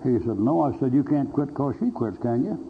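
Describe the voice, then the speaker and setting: A male pastor delivers a sermon packed with folksy anecdotes and blunt jokes, acting out the voices in his stories. His voice sits at a middle pitch. The recording is dull and lo-fi, with a faint hiss underneath. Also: brisk.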